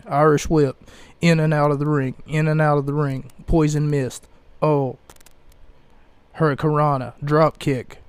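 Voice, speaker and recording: A young man talking slowly and evenly in a mellow, low-key voice, hosting his own podcast. He rambles, hesitates and corrects himself often. The sound is dry and close. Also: no room sound. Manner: slow, halting, many fillers and self-corrections. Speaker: podcast host reviewing wrestling events. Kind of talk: casual rambling podcast commentary.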